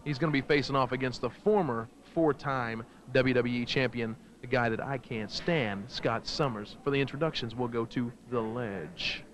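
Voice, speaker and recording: A man's voice: medium pitch, normal speed, hardly any pauses. A man doing brash, taunting color commentary for a wrestling show, boasting and mocking the wrestlers.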